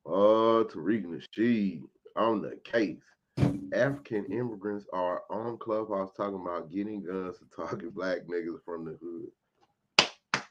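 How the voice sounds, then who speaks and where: A man's voice: low voice, measured pace, muffled recording, slight background noise. A man ranting in a heated, profane commentary for his vlog, cursing often and stressing his points. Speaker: vlogger commentator.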